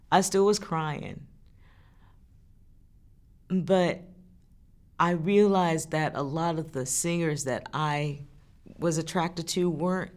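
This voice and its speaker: A woman singer from France speaking in a candid interview, telling stories in an earnest, heartfelt way with frequent restarts. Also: low voice. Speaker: singer and songwriter.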